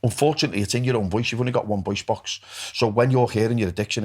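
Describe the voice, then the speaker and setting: A man's voice: lowish voice, rapid-fire, hardly any pauses, husky. A man, a recovery coach talking bluntly and swearing freely as a podcast guest. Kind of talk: podcast conversation.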